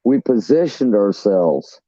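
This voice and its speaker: A man's voice: fairly low pitch, sing-song, slow, dark tone, no room sound, lo-fi sound. A man casually telling rambling, profane stories about his navy days on a live chat.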